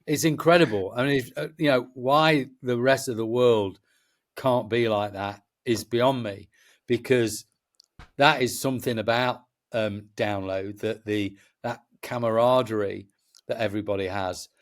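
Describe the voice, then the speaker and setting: A man's voice: medium pitch, steady tone, measured pace. Rambling man telling stories. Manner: rambling storyteller with many restarts, passionate. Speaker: festival promoter, guest. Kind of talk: casual chat.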